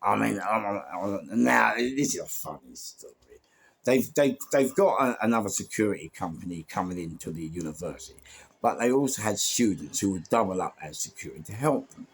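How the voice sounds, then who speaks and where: His voice sits on the low side, brisk and creaky, with slight background noise behind it. A London man guesting on a podcast, he tells rambling door security stories loaded with restarts, fillers, and animated asides.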